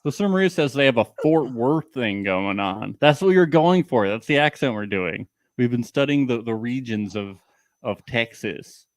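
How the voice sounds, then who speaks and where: A man's voice: mid-range voice, animated, normal speed, no room sound. A man co-hosting a casual recap show, sarcastic and jokey, now and then slipping into a mock drawl. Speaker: podcast co-host.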